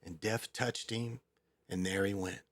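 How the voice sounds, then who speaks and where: Gravelly guy rambling crude on his own show, dry close sound. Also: low-pitched, steady tone, a little slow, fairly bright tone, no room sound. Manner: rambling, crude, heavy use of fillers. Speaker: show host. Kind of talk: casual rambling monologue.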